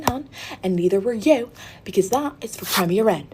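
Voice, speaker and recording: A woman's voice: on the high side, lively intonation, moderate pace, a little mellow, slight background noise. Blunt woman ranting casually. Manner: chatty, blunt, exasperated, swears freely. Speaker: hotel receptionist. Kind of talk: casual storytime rant.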